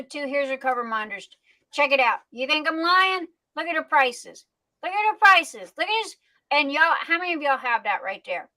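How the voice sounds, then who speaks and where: Casual woman livestream host; slightly high, bright voice; folksy filler-heavy delivery. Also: low-quality recording. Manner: chatty, folksy, many fillers and restarts. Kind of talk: casual live-stream product chat.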